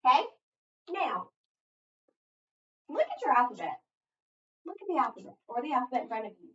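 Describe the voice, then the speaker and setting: A woman's voice: sits high, sing-song, fairly quick, a little hiss or hum. A middle-aged woman teaching phonics to a child, asking patient prompting questions. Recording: echoey, distant, dull recording.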